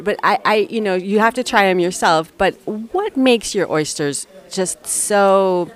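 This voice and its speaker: A woman's voice: mid-range voice, animated, measured pace, few pauses. A woman with an American accent interviewing a guest, chatty and enthusiastic, with loose, rambling phrasing. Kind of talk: podcast interview.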